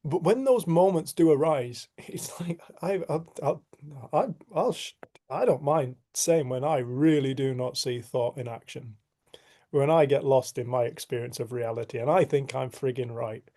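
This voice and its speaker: A middle-aged man, gravelly and mellow, recounting a story casually to a group over a video call. He talks in a lively way, laughs often and slips into the voices of the people in his tale. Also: medium pitch, normal speed. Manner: animated, acts out quotes, laughs often. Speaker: group facilitator.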